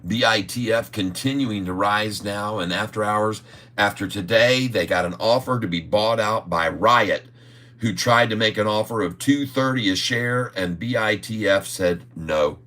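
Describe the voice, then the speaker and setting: A man's voice: lowish voice, a little slow, bright, forceful tone. A middle-aged man hosting a day-trading livestream, talking in a folksy, emphatic way and chuckling often. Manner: folksy and emphatic, keeps calling listeners "folks". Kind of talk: casual market commentary livestream.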